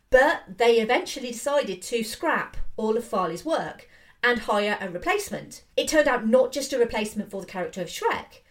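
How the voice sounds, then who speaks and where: A woman commenting on films in a casual, enthusiastic and opinionated way. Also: fairly high pitch. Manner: enthusiastic, opinionated, fillers and restarts. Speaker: film commentator. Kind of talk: casual video essay.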